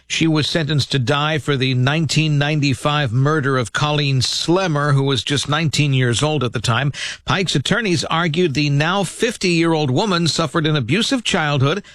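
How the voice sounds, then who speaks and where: A man with a fairly high voice delivers a scripted radio news report in a firm, even way. The recording is dry and close. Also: normal speed, no echo.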